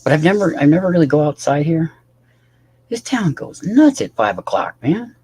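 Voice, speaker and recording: A man's voice: on the high side, very animated, normal speed, darkish tone, slightly rough. A tired man rambling casually to his livestream chat, swearing often and talking to viewers by name.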